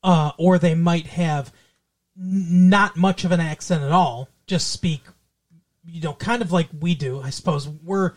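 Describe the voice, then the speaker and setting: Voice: medium pitch, steady tone, measured pace. Rambling podcast co-host, casual chat. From Michigan. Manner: rambling, lots of restarts and fillers. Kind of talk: casual chat about a movie.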